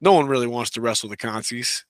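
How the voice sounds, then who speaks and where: A man in the middle range of pitch talks easily about coaching, loose and chatty, often tagging on "you know." The sound is dry and close, with no room around it. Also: fast talker, no echo. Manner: relaxed, chatty, many fillers like "you know" and "right". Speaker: wrestling coach, podcast guest. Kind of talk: casual conversational interview.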